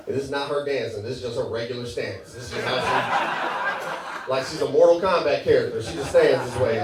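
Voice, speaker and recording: A young man from Michigan performing a stand-up comedy set in a club, animated and laughing through his jokes. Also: mid-range voice, fairly quick. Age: young adult. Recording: echoey room, far mic, loud crowd.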